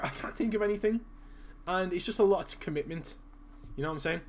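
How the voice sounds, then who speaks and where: Gaming streamer, male, slightly high voice, stutters and repeats words, loose chatty delivery. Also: fairly bright tone. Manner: halting, repeats words, filler-heavy. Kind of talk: casual live-stream chat while playing.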